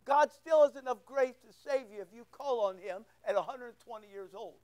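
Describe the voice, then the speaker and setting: Orta yaşlı erkek vaiz, tiz sesli, kilisede sohbet havasında vaaz veriyor. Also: male voice, extremely high pitch, fairly quick, a little mellow, smooth, dull audio. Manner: conversational, repeats words, asks the room questions. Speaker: pastor. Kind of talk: sermon. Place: church.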